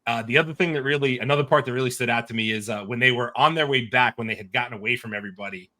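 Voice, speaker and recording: A man's voice: medium pitch, very fast, pushed and bright. A man co-hosting a podcast, animatedly retelling scenes in casual chat, full of slang and swearing. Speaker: podcast co-host.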